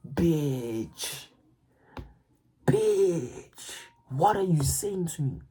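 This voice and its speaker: A woman giving a casual, profane motivational rant, excitable and stammering as she repeats her words. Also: deep voice, very slow, husky, low-quality recording. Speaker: motivational vlogger.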